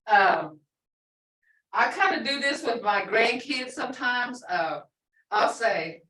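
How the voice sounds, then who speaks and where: A woman's voice: on the high side, animated, a little slow, a bit bright. An older woman teaching a language class, explaining phrases plainly with many examples and asides. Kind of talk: language lesson. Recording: roomy, from far off.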